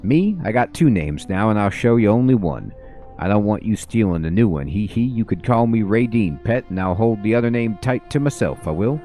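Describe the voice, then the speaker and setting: A man's voice: on the low side, lively intonation, moderate pace, mellow, soft background music, close to an everyday voice. A man reading lines for an eerie older woman in a game, in a sing-song, cooing voice. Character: eerie older woman with a tattoo, hoarding secret names.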